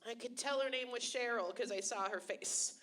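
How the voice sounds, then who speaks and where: A woman in her thirties hosting a stand-up show in a small venue, self-deprecating and animated, laughing between jokes. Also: fairly high pitch, moderate pace, a crowd in the background. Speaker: stand-up comedian and host. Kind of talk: stand-up comedy set. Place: small comedy venue with a few people.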